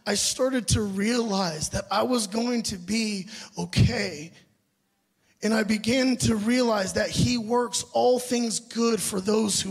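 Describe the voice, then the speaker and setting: A man's voice: sits high, vocal fry, husky. A young adult man preaching a sermon, telling a personal story earnestly and asking the audience questions. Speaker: pastor.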